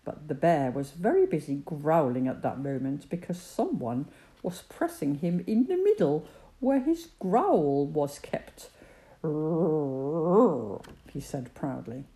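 A woman reading a children's storybook aloud, slow and gentle. Her pitch swings widely and expressively, while her tone stays dark and mellow. She is warm-paced and unhurried. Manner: gentle, expressive voicing of characters.

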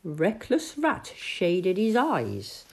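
Unhurried woman reading a storybook. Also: medium pitch, huge pitch swings, vocal fry, darkish tone, breathy edge.

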